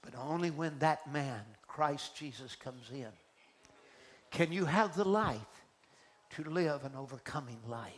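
A man preacher delivering an emphatic, deliberate sermon in a church. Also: a little high. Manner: emphatic, slow and deliberate, swinging between soft and loud.

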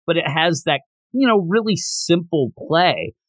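A man's voice: on the high side, animated, unhurried, dry recording. A man hosting a podcast, reviewing a manga in a casual chat and retelling scenes with lots of fillers.

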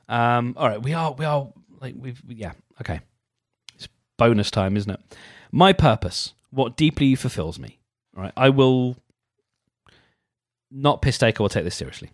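A man hosting a casual solo podcast, reading passages aloud and commenting on them in a wry, self-deprecating way, often halting and restarting. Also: fairly low pitch, dry recording, clean studio sound. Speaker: podcast host.

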